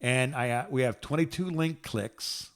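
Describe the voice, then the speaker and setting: A man co-hosting a podcast in casual chat, excitable and flustered, thinking out loud. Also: medium pitch, a little slow. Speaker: podcast co-host.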